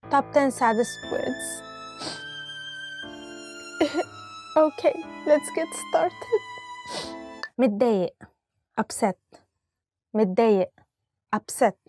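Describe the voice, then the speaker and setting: An Egyptian woman with an Egyptian accent, teaching vocabulary to camera in a cheerful way and laughing often between examples. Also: fairly high pitch. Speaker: language teacher.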